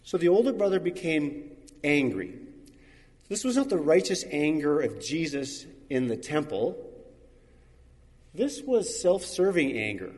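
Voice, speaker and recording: A man preaches in a church hall, reading scripture and acting out the voices of the people he quotes. His pitch moves a lot as he talks. A long reverb trails after each phrase. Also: sing-song, measured pace, darkish tone. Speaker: pastor. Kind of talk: sermon.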